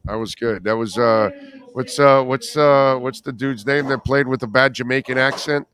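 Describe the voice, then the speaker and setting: A man hosting a sports radio show, chatting casually with a guest, joking around with animated bits and calling people "bro". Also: medium pitch, moderate pace.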